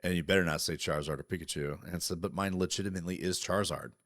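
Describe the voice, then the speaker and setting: A man chatting casually as a podcast co-host, animated and profane, talking over interruptions. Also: deep voice, rapid-fire, no echo, studio quality. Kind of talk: casual chat.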